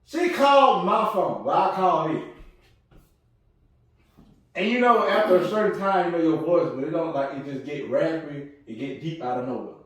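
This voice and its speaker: A man's voice: on the high side, moderate pace. A young man telling stories in a casual podcast chat, acting out other people's voices as he goes. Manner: animated, acts out voices in his stories. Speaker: podcast co-host. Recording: echoey room, mic at a distance.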